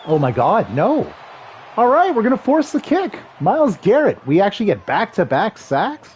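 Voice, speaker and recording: A man in his thirties streaming a football video game, calling the plays and chatting with viewers in a rambling, excitable way. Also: high voice, normal speed, a little hiss or hum. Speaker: livestream gamer and commentator. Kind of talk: casual play-by-play chat with chat.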